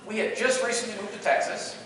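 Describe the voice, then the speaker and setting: High-voiced playful man in an echoey hall. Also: fast, distant mic. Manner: animated, playful, joking with the audience. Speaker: keynote speaker. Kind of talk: storytelling conference presentation. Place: large conference hall. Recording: echoey hall, picked up from afar.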